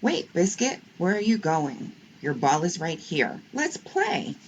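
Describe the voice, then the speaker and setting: A woman's voice: lowish voice, sing-song, takes it slowly, muffled recording, a little hiss or hum. A woman voicing a cheerful little girl who calls for her puppy in a sing-song way in a storybook read-aloud. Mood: calling. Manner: bright calling, sing-song.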